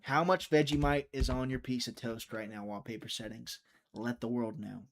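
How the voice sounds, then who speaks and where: A man's voice: mid-range voice, steady tone, normal speed. A young man hosting a live fight-watching stream, chatty and teasing, reading viewer chat aloud.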